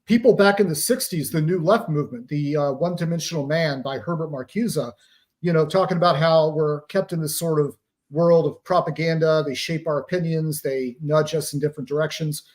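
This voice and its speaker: A man with a fairly high voice speaks as an interview guest. He explains in a steady, lecturing way and leans on pop-culture comparisons to make his points. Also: fairly quick. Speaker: guest author on psychological operations.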